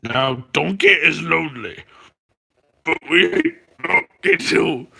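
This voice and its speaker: A man doing Shrek, a gruff grumpy ogre. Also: a little high, animated, takes it slowly, bright, forceful tone, voice pushed up, exaggerated voice. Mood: mocking.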